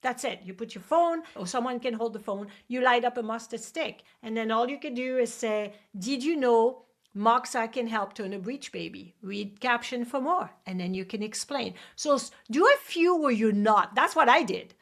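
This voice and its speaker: A woman with a French accent hosting a show and coaching guests, energetic and often checking in with "right?". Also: fairly high pitch, moderate pace. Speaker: host and acupuncture coach. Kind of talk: coaching advice in a video call show.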